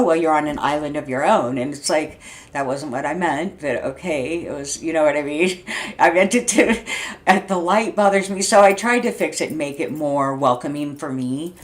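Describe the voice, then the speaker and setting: A woman in her sixties talking loudly in a rambling, casual monologue, often checking in with "right?" and "you know what I mean?". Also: sits low. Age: 60s. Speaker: vlogger.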